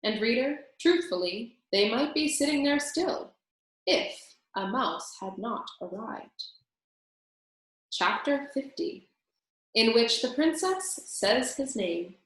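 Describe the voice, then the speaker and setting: A woman teacher reading a children's book aloud with expressive storytelling. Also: fairly high pitch, slow pace. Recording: very echoey room.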